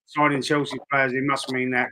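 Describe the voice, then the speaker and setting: A man hosting a live fan stream, calmly reading out chat and moderating. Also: medium pitch, fairly quick, noisy background. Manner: easygoing, reads chat aloud. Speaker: stream host.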